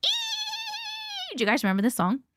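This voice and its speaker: A woman's voice: sits high, very animated, measured pace, background noise. A woman hosting a casual live chat with viewers, playful, often laughing and coughing between remarks. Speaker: livestream host.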